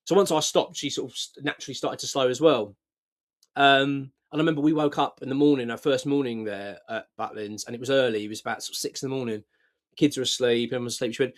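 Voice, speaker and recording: A man's voice: medium pitch, fast. A middle-aged man, talking frankly and earnestly to camera, often stumbling and repeating himself. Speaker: vlogger. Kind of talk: casual talk to camera.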